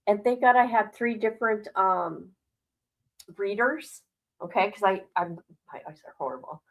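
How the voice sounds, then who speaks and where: An older woman talks straight to her stream viewers in loose, rambling chat, her voice at a middling pitch. She swears without a second thought and sounds worried, yet keeps laughing it off. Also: normal speed, rough recording. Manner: candid, rambling, swears freely. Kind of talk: casual livestream chat.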